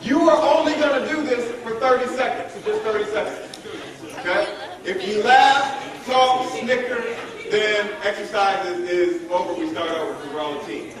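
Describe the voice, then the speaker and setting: A man with a fairly high voice leads a leadership workshop, energetic and playful as he works a live group. He sounds distant from the microphone, and his voice rings around a large, echoey hall. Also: moderate pace, a crowd in the background. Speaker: workshop speaker. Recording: echoey room from far off.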